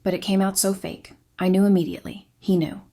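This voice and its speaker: A woman narrates a story, reading a first-person confession from a script. Her voice is at a middle pitch for a woman, and her delivery is brisk yet quiet, subdued and steady.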